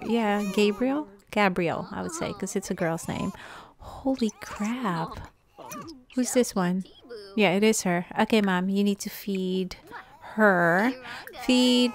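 A woman hosting a life-simulation gameplay video, chatting casually to viewers with lots of fillers and excited exclamations. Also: medium pitch. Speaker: gaming video host.

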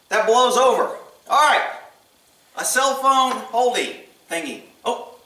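A man's voice: very high voice, expressive, slow, pushed and bright, distant mic. A man opening gifts on camera, muttering to himself and swearing freely as he goes. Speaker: channel host opening gifts. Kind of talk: casual unboxing chat. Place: room at home with a table. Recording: echoey room, voice off-mic, faint noise.

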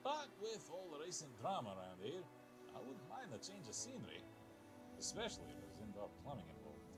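A man's voice: fairly high pitch, huge pitch swings, fairly quick, over loud music. An actor playing a wry male bartender and self-styled adventurer in a video game, telling tall tales in a dry voice. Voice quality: dry, wry storyteller delivery. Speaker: bartender applicant.

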